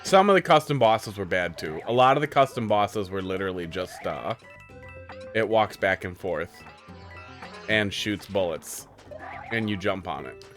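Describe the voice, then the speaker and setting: A man's voice: lowish voice, lively intonation, unhurried, fairly bright tone, faint music behind. A man streaming live, playing viewer-made game levels and giving rambling, candid critique in a casual way.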